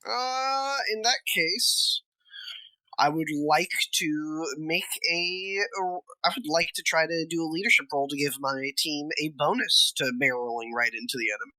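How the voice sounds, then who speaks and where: Bright-voiced role-player, polite. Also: mid-range voice, moderate pace, dry recording, poor audio. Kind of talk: tabletop game chat.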